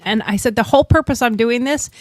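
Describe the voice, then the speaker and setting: A woman's voice: a little high, fast talker, no echo. A woman telling stories in a blunt way as she chats with friends, swearing freely. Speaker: podcast host. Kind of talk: casual chat.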